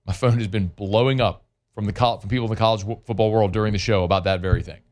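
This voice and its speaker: A man hosts a sports radio show from the studio mic. His voice sits on the low side, and he talks off the cuff, stacking ums and restarts as he works through his points. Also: fairly even intonation, fast talker, a little mellow. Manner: conversational, frequent fillers and restarts. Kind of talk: sports talk radio monologue.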